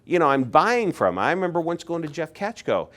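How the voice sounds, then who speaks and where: A man in his sixties from Pennsylvania, telling casual stories about collecting as a hobby in a lively way and acting out what other people said. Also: fairly high pitch, brisk. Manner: animated, acts out what others said, chuckles. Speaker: insulator collector. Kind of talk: casual storytelling.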